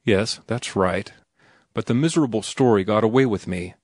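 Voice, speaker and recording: A man's voice: on the low side, moderate pace, darkish tone, no echo, clean studio sound, close to an everyday voice. A man reading an earnest, blunt young writer. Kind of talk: audiobook character reading.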